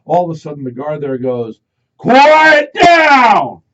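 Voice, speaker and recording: A man hosting a live radio talk show, telling stories in a casual, animated way and acting out the voices of the people in them. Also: mid-range voice, quick pace. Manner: animated storyteller, acts out loud voices. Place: radio studio. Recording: dull lo-fi radio broadcast.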